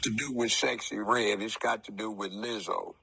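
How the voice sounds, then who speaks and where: A man in his seventies, a retired TV judge, telling stories and giving his views slowly and deliberately, with some formal word choices. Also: fairly low pitch, gravelly, bright, forceful tone, a little hiss or hum, low-quality recording. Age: 70s. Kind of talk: interview talk.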